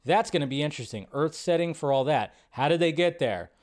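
Guy doing a live movie news stream from his computer, kinda high voice, rambly and chatty, lots of uhs. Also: lively intonation, fairly quick. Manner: chatty, rambling, thinking aloud with fillers. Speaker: host. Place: home setup at a computer.

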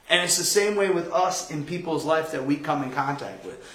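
Animated, higher-voiced pastor in an echoey room. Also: male voice, normal speed. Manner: conversational, animated storytelling with quoted voices. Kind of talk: Bible study sermon.

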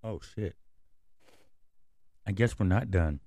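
A man's voice: fairly low pitch, normal speed, pauses often, a little mellow, no room sound, clean studio sound. Blunt, swearing radio host man. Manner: blunt, profane, rambling rants. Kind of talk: casual commentary and news reading.

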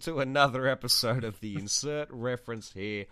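A man, co-hosting a podcast and telling stories in a casual, animated, foul-mouthed way. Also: normal speed, clear, resonant tone. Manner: animated, profane storytelling, jumps into high-pitched voices for quoted people. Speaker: podcast co-host. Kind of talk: casual storytelling chat.

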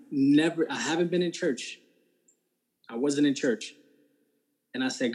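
This is a man from New Jersey sharing his faith testimony in an interview. He speaks at an ordinary middle pitch. His delivery is casual and earnest, with emphatic stresses and frequent "right?" check-ins. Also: a little slow, long pauses, a little mellow, husky, rough recording. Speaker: interview guest.

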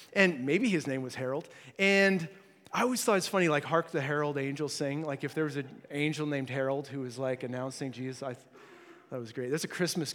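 A male pastor gives a sermon in a relaxed, chatty way, with lots of fillers and light jokes along the way. His voice sits fairly high for a man. The sound carries a long echo from a large church hall. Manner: conversational, frequent "like" fillers and restarts, playful asides. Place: church sanctuary.

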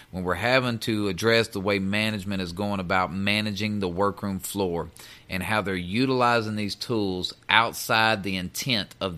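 A man's voice: low voice, sharp tone. A man, a union representative, telling a workplace story in casual talk, earnest and repeating words as he goes.

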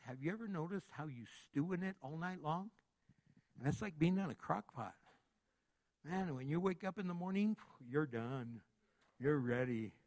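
A man preaching a sermon in a lively, conversational way, acting out little everyday scenes as he goes. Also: medium pitch. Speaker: pastor.

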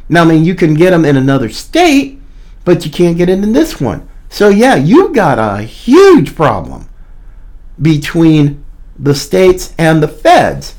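A man's voice: sits high, a little mellow. A man hosting a podcast, giving a combative, mocking opinion monologue. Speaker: podcast host.

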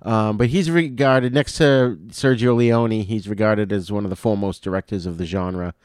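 A man co-hosting a film podcast, easygoing, laughing often and trailing off quietly. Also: fairly low pitch, moderate pace, dry recording, clean studio sound. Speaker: podcast co-host. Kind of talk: casual film review chat.

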